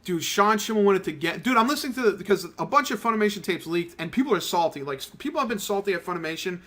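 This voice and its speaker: A man's voice: high-pitched, expressive, fast, a bit bright. A young man giving casual, rambling, profane commentary over a mobile game he is playing. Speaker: gaming channel host. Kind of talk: casual let's-play commentary.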